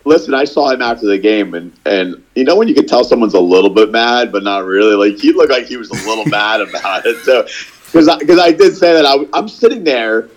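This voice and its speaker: A man's voice: mid-range voice, expressive, brisk, rough recording. A man in a casual chat over a video call, rambling and restarting his sentences and swearing casually as he talks. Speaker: podcast co-host and youth football coach.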